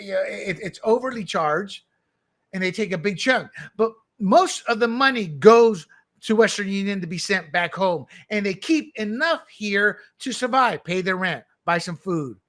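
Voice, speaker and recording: A man's voice: high-pitched, bright, forceful tone. A man hosting political commentary, delivering opinions in a combative, emphatic and scornful way.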